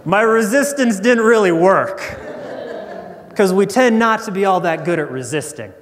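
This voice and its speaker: A man's voice: high voice, animated, moderate pace, long reverb tail, a crowd in the background. A man preaching a sermon as pastor, conversational and storytelling.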